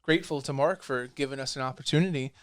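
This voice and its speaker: A comic book writer in a casual interview, telling lively stories and acting out the people he quotes. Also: medium pitch, quick pace. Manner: animated storyteller, acts out quoted dialogue.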